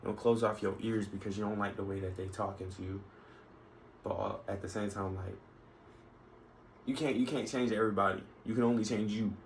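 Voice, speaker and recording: A man's voice: on the low side, steady tone, a little fast, creaky, pauses often, rough recording. Rambling man venting in a vlog. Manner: rambling, many restarts and asides. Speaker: vlogger. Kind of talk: casual opinion monologue. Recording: faint background noise.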